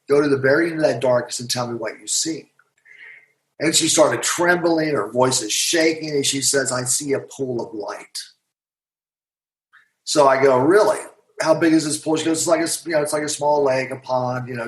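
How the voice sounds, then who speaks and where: A man, a guest author and hypnotherapist, recounting a client's session in an interview and voicing both sides of the exchange. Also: medium pitch. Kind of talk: storytelling in a podcast interview. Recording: roomy echo.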